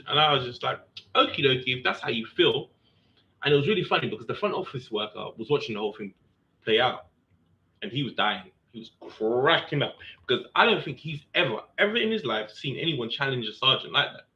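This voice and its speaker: A man, a serving police officer, casually telling a story and acting out the other people's lines with a lifted voice. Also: brisk. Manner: animated, acts out quotes with raised pitch. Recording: dull lo-fi sound.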